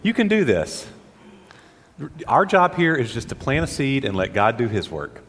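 A man's voice: mid-range voice, moderate pace, in a large hall, slight background noise. An actor playing an upbeat, encouraging churchgoing father in a church skit. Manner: encouraging, animated.

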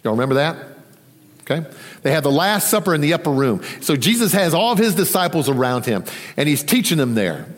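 A man preaching a sermon, conversational and animated, acting out the voices in the story. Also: on the high side, a little fast, in a large hall. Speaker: pastor.

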